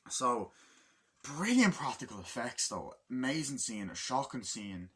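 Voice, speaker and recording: A man's voice: mid-range voice, a little slow, husky. A man giving a casual spoken film review, swearing freely and acting out scenes in sudden outbursts. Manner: profane and excitable, acts out scenes in bursts. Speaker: movie reviewer.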